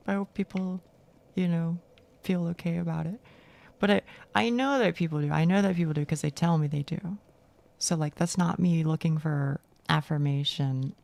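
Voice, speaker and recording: A woman streamer with a gruff, gravelly voice chatting casually while gaming, rambling and cutting herself off. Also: low-pitched, a little mellow. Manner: rambling, self-interrupting, laughs often.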